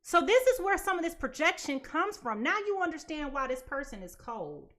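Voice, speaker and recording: Lively high-voiced woman reading tarot. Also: normal speed. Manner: animated, chatty, acts out quoted voices. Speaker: tarot reader.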